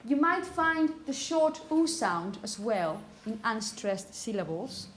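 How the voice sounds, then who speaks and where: A woman with a slightly high voice runs a classroom pronunciation lesson. She checks in with her listeners again and again and says example words slowly, one after another. A faint hiss sits under her voice. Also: sing-song. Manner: patient, checks in with "okay?" and repeats words slowly. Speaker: teacher.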